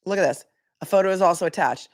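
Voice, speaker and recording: A woman's voice: on the low side, fast. A woman attorney giving casual commentary, chatty and incredulous, reading posts aloud. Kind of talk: casual commentary on a legal case.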